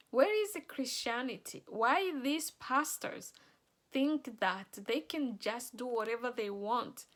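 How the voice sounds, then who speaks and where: A woman speaks slowly and deliberately in a fairly high voice, giving an earnest, emotional personal testimony. She is an author talking to her audience about her books and stresses her words with feeling.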